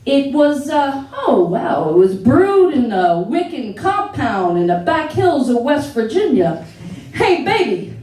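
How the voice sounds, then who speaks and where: Easygoing boyfriend as a woman plays him, smooth talker, high voice, distant stage mic. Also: big pitch swings, slow pace, a little mellow, a little hiss or hum, exaggerated voice. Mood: coaxing. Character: laid-back boyfriend, young man, smooth talker. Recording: echoey theater, distant mic.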